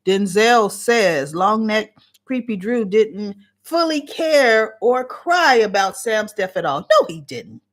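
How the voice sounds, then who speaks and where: A woman's voice: medium pitch, animated, slow pace. A middle-aged woman hosting her channel in a casual chat, reading viewer comments aloud and reacting to each.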